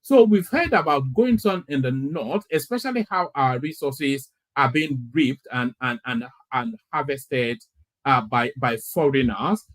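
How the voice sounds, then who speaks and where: A man's voice: medium pitch, lively intonation, unhurried. A man with a mid-range voice hosts a live commentary show. He talks in bursts, stumbling and repeating words as he introduces each clip and gives his reactions. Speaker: commentator host.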